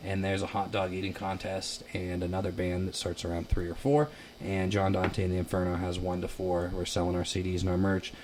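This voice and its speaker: Young man, from Ohio, lively storytelling, deep-ish voice, faint room noise. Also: fairly quick. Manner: animated, laughing, acts out quotes loudly. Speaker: musician guest. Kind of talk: casual storytelling chat. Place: basement.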